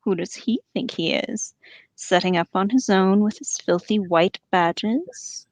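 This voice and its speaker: A woman reading aloud and voicing a sly, evil male orc who speaks softly and sneers. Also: mid-range voice, unhurried, no echo, lightly acted. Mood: sneering. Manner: soft, sneering, menacing.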